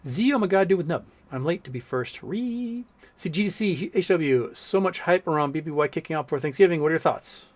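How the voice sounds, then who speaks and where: A man hosts a live stream in a loose, rambling way, answering chat and drifting into long anecdotes. He swears casually and often, and his voice sits a bit higher than most men's. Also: animated, brisk. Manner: rambling, profane, storytelling, reads chat aloud. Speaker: livestream host.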